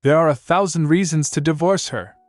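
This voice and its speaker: A man's voice: a little high, a little fast, no echo, clean studio sound, soft background music, pitched above the performer's own voice, lightly acted. A man voicing a vain, petty young king who blusters indignantly, in a comic recap story. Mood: bitter.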